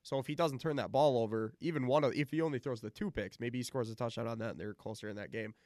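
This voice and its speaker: A man's voice: mid-range voice, fast talker, darkish tone, dry recording, studio quality. A man co-hosting a casual sports podcast, agreeable and rambling, often restarting his sentences.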